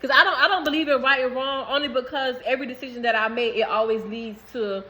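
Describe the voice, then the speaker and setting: A woman's voice: high-pitched, fairly even intonation, fast, bright, forceful tone, low-quality recording. A woman in giving a rambling, emphatic spiritual message to viewers, swearing freely. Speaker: spiritual reader.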